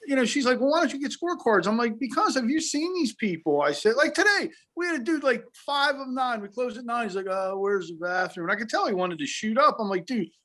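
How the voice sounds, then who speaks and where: A man's voice: extremely high pitch, fairly quick, few pauses. A man telling profane retail stories on a remote call in casual chat. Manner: profane, animated storyteller. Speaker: guest, retail worker.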